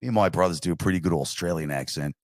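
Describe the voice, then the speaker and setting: A man's voice: deep voice, racing, dry recording, clean studio sound. A young man co-hosting a podcast in casual chat, swearing and laughing through crude banter. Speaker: podcast co-host.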